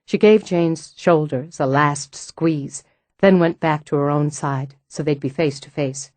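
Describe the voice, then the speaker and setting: Audiobook narrator, woman, low voice, calm measured reading, dry close sound. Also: dry recording. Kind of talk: scripted narration.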